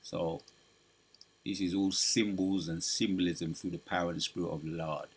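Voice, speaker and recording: A man's voice: low-pitched, fairly even intonation, moderate pace, husky. A man giving preaching commentary over news clips, emphatic and quoting scripture aloud. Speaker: religious commentator.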